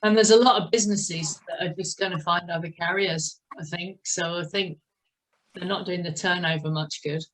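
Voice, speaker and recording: Calling out time counts and chatting in between, a woman instructs an indoor cycling class online through a video call. Her pitch is fairly low, her tone steady, and her speed normal. The recording is low quality, with a little hiss or hum.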